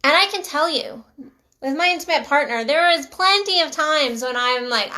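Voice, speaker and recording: A woman's voice: sits high, animated, moderate pace, pushed and bright. A middle-aged woman relationship coach talking casually to her channel, earnest and emphatic, often repeating herself for stress. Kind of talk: casual talk to camera.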